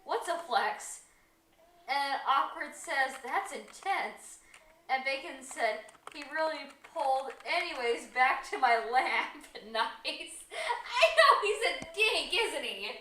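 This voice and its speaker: A woman's voice: high-pitched, takes it slowly, bright, forceful tone, a little hiss or hum. A young woman on a home livestream, telling a rambling story with many ums and reading out chat comments. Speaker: co-host of a livestream. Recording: echoey room.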